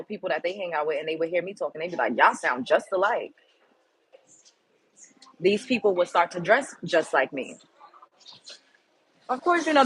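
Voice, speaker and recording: A woman's voice: lowish voice, a little hiss or hum, low-quality recording. A woman hosting her own show, telling a personal story in a candid, emphatic and blunt way. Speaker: show host. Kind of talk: casual storytelling monologue.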